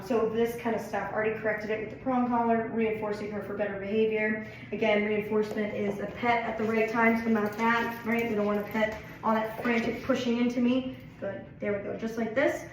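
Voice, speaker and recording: A fairly high-voiced woman talks through a dog training session in a loose, casual way, checking in with "right?" and "okay?" as she goes. She sounds far from the mic, in a heavily echoing room with a faint hiss behind her. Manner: explains plainly, repeats "right?" and "okay?" checks.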